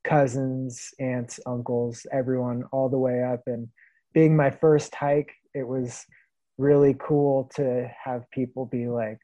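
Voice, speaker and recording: Easygoing man with a mellow voice. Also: mid-range voice, fairly even intonation, a little slow, no room sound, poor audio. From Vancouver, Washington. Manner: easygoing storyteller, laughs often. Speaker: guest, long-distance hiker. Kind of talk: relaxed podcast interview.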